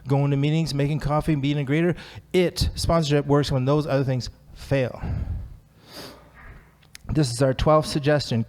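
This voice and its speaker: A man's voice: a little high, fairly even intonation, normal speed, darkish tone. A man sharing his recovery story at a meeting, chatty and self-deprecating, laughing often. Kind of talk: personal story at a recovery talk.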